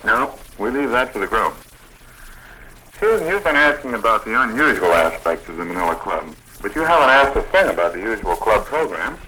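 Bright-toned man in a 1940s radio interview. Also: on the low side, animated, fairly quick, slightly rough, poor audio. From United States. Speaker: Red Cross program director.

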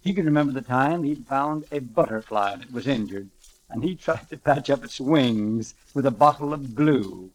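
A man's voice: mid-range voice, lively intonation, moderate pace, rough recording. A man narrating a true story on radio in an emphatic, theatrical way.

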